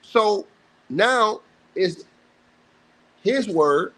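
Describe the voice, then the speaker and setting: A man's voice: sits high, expressive, very slow, fairly bright tone. A man hosting a livestream, giving casual sports commentary in an emphatic, slangy, repetitive way. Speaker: livestream host. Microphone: livestream mic.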